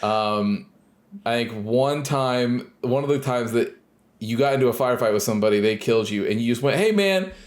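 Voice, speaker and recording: A man's voice: mid-range voice, fairly even intonation, moderate pace. A man co-hosting a podcast, telling a funny story and acting out what others said. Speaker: podcast co-host. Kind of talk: casual chat.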